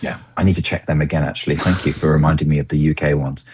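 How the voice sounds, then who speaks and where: A man talking in a casual podcast interview as a guest consultant, lively and animated when he acts out what people say. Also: very deep voice, racing, slight background noise. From Britain. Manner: enthusiastic, animated when acting out quotes.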